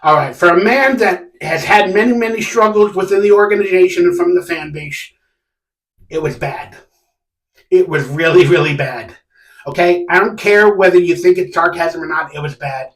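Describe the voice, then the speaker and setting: Excitable ranting man, high voice. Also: normal speed, recorded from a distance. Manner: animated, sarcastic, yells in exasperation. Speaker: sports fan channel host. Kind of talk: casual live-stream rant. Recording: echoey room, a bit off mic.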